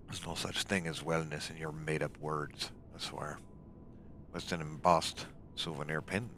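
A man's voice: rumbling low, steady tone, unhurried, background noise. A man giving casual commentary while playing a game, grumbling and growling a pirate-like "arr" between remarks. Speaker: gaming channel host.

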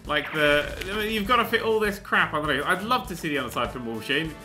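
A man giving rambling, excitable gameplay commentary and swearing often as he plays. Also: fairly high pitch, fast talker, faint music behind. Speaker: let's play host.

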